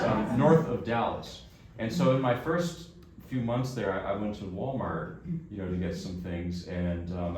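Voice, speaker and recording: A classical pianist from New Jersey chats casually to a concert-hall audience during a recital talk, spinning a self-deprecating anecdote. His fairly low voice sounds a little mellow, captured from a distance in the echoey hall amid background noise.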